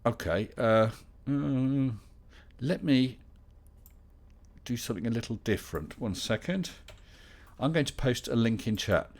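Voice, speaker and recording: A man's voice: mid-range voice, expressive, unhurried, long pauses, a little mellow. A middle-aged man hosting a casual live Q&A stream, chatting and reading out viewer questions with dry humor.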